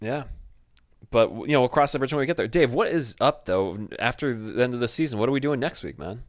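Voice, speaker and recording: A man's voice: mid-range voice, lively intonation, brisk, dry recording, clean studio sound. A young man co-hosting a podcast, chatting casually and joking with frequent laughs. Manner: joking, laughs often, tries goofy voices. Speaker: podcast co-host. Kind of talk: casual chat.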